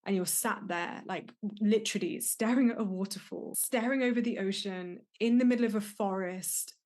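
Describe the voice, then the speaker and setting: A young woman talks alone into her podcast mic, reflective and openly emotional. Her voice sits at an ordinary middle pitch. She searches for words and often restarts her sentences. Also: darkish tone. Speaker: podcast host and life coach. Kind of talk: reflective solo podcast monologue.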